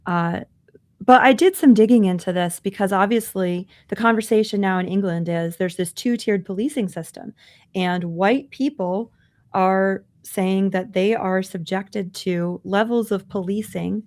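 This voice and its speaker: A woman's voice: mid-range voice, measured pace, a little mellow. A woman co-hosting a podcast, earnestly recounting a news story in conversational commentary. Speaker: podcast co-host.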